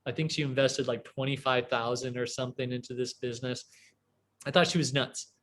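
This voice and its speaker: A man in his forties from a small Midwestern town, telling a rambling, animated story as an interview guest, full of fillers and restarts. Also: medium pitch, brisk. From US Midwest, small town near Chicago. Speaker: guest entrepreneur.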